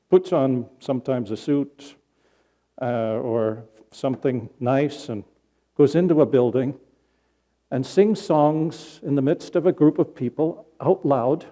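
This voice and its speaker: A male pastor giving a sermon in a church, telling a story in a conversational way with pauses. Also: medium pitch, warm tone. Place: church sanctuary.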